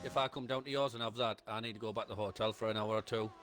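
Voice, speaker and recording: A man's voice: lowish voice, fairly even intonation, rapid-fire, fairly bright tone, slight background noise. Dry-witted man co-commentating a race. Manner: dry, teasing quips between timing calls. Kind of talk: casual live race commentary.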